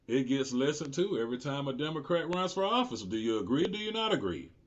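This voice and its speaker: A man in his forties rants through his own political commentary show, profane and indignant, his voice climbing as he gets worked up. His voice sits in a middle pitch. The recording sounds dull and lo-fi. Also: big pitch swings, fairly quick. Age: 40s. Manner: heated, profane, rising into shouts of indignation.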